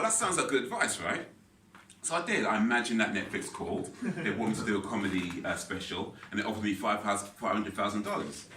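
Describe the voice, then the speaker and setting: A man doing a stand-up comedy set, lively and self-mocking, often laughing at his own jokes. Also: medium pitch, heavy background noise. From England. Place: comedy club stage, roomy venue. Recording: echoey club audio from far off.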